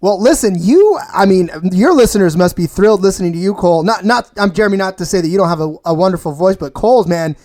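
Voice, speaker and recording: A man's voice: high voice, expressive, quick pace, hardly any pauses, a little mellow. A man hosting a podcast interview, enthusiastic and full of praise, often restarting his sentences. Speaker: podcast host. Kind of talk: casual interview.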